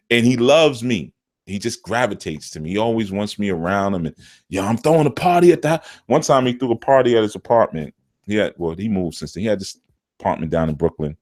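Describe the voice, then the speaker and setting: A middle-aged man, a spiritual teacher, talking casually and telling stories, often jumping high into quoted voices. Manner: animated, jumps into quoted voices with big pitch swings. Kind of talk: casual storytelling talk.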